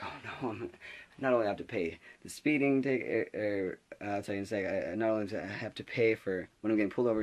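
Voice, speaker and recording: A young man in his late teens telling a storytime vlog, rambling and excitable as he acts out his own panic. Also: lowish voice. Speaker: vlogger. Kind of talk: casual storytime.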